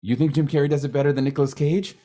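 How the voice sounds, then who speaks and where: A man's voice: on the high side, steady tone, racing, dark tone. A man hosting an acting podcast in a casual interview chat, rambling and restarting his sentences, speeding up as he tells stories. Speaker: podcast host.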